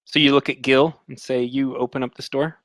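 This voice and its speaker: A man's voice: medium pitch, little pitch movement, a little fast, a bit bright, no echo. A man running a tabletop game as game master, explaining the rules plainly and easily.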